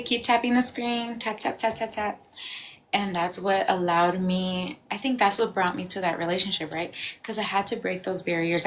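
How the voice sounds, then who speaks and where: A woman in her thirties talking candidly on a livestream, reflective and confessional, breaking into animated bursts and laughs. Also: lowish voice, a little hiss or hum. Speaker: livestream host. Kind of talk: casual livestream talk. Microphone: phone.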